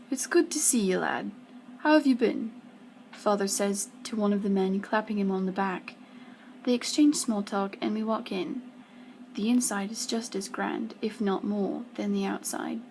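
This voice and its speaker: A woman's voice: mid-range voice, a little mellow, a little hiss or hum, poor audio. A young woman reading her story aloud. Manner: slips into whispers, small stumbles. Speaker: student reader.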